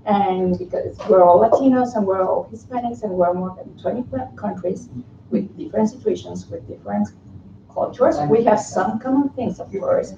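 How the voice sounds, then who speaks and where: A woman whose first language is Spanish joins a group discussion, talking earnestly in quick bursts. Her voice is mellow and she is heard from far across an echoey room. The audio is dull and lo-fi. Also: medium pitch, creaky, a little hiss or hum. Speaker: workshop participant.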